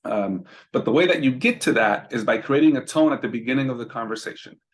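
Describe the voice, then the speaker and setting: A roadside business trainer talks quickly at a medium pitch, giving a casual lesson on answering business calls. He's conversational, repeats words, and keeps checking in with "right?"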